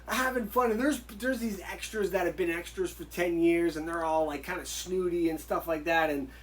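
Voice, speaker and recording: A man, a guest in an interview, telling stories in a casual, animated way and acting out the dialogue he quotes. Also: a little high, normal speed, low-quality recording. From United States. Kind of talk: casual storytelling.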